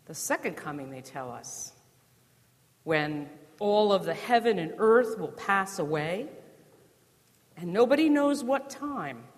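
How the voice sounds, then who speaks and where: A woman's voice: medium pitch, very animated, slow pace. Woman preaching in a reverberant church. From New Jersey. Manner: conversational, rhetorical questions, dry humor. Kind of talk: sermon.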